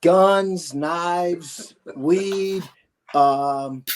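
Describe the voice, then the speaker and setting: A man with a high-pitched voice spins loose, animated stories as a podcast host. He rambles through anecdotes with plenty of asides, keeping it casual and chatty. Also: drawn-out words, a little hiss or hum. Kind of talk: casual storytelling.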